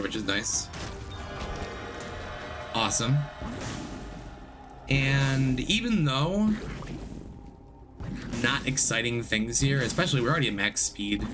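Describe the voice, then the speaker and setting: A man talks casually through his gameplay, rambling and correcting himself as he chats with viewers. He is still recovering from an illness. Game music plays clearly under his voice. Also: mid-range voice. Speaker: streamer.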